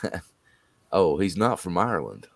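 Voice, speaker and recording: A man's voice: low-pitched, very animated, a little slow, vocal fry, slight background noise. A man hosting a live stream, chatting casually and laughing often. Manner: laid-back, laughs often. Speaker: stream host. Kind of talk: casual chat.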